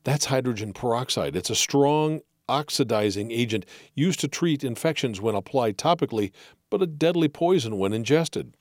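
A man voicing a clever, calm detective who explains a puzzle in a measured manner. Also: medium pitch, no echo, clean studio sound, natural voice. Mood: explaining.

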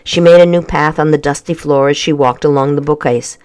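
An audiobook narrator reading a children's novel in an even, measured way. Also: mid-range voice, clean tone. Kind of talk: scripted narration.

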